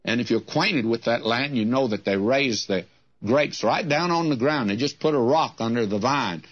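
An older man preaching a sermon in a slow, deliberate way, lifting his voice when he reads scripture. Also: mid-range voice. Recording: dull lo-fi old sermon recording.

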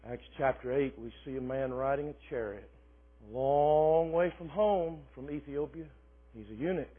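A man preaching a sermon, lively and dramatic, shifting between quiet asides and loud shouting. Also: a little high. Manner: animated preaching, swings from soft asides to shouting, laughs often. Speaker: pastor. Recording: phone-like, thin and husky.

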